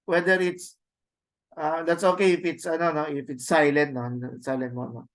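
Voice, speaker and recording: A man teaching a class, slowly sounding out words and repeating them with tag questions. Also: fairly high pitch, flat delivery. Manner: slow, repetitive drilling with tag questions. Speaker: Greek teacher. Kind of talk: classroom lesson, reading words aloud.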